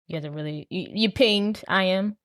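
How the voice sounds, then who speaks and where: A woman's voice: medium pitch, normal speed, no echo, studio quality. A woman co-hosting a podcast, reacting in casual chat with emphatic, playful interjections. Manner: lively reactions, emphatic repeated "no"s. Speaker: podcast co-host.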